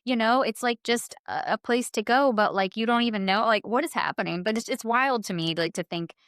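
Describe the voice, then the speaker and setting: A woman chatting casually as a podcast guest, full of "like" fillers and lively acted-out quotes. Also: on the high side, a little fast, no echo, clean studio sound. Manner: chatty, filler-heavy, animated quoting. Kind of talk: casual chat.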